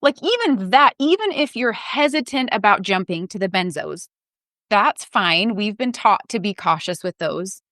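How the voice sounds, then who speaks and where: A woman's voice: medium pitch, lively intonation, moderate pace, a bit bright, no room sound, clean studio sound. A woman hosting a podcast, reflective and conversational with her guest. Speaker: podcast host. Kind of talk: podcast interview chat.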